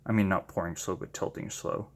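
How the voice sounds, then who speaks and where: A man chatting casually while he paints, gushing with excited exclamations and making self-deprecating asides. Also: sits low, a little fast, vocal fry. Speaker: paint-pouring channel host.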